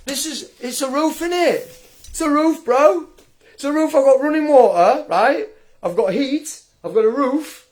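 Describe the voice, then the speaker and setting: Young guy, high voice, mocking and combative, livestream rant. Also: measured pace, a little mellow. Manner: taunting, mocking and combative, with frequent laughs.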